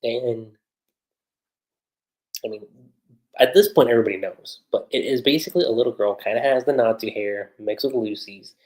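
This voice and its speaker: A man hosting a livestream, recapping an anime episode in a chatty, animated way, with lots of fillers. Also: medium pitch, normal speed, pauses often, poor audio. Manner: animated retelling with frequent fillers. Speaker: anime reviewer.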